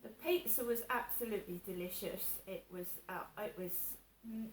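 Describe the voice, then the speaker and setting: A woman's voice: medium pitch, normal speed, a little hiss or hum. A woman talking casually to camera in a personal vlog, chatty and repeating herself as she acts out what others said. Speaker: vlogger. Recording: echoey room, voice a little distant, faint background ambience.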